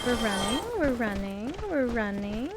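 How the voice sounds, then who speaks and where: A woman's voice: on the high side, unhurried, heavy background noise. A woman streaming a video game live, commenting as she plays, nervous and swearing, talking to the enemies on screen and laughing at her own fear.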